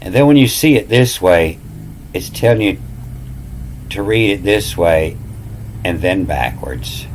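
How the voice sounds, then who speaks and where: A man's voice: low-pitched, slow, a little mellow, a little hiss or hum, rough recording. A man giving a meandering, self-taught lesson, spelling out letters and repeating words with frequent "you know" fillers. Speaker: self-styled language teacher. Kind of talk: rambling explanatory monologue.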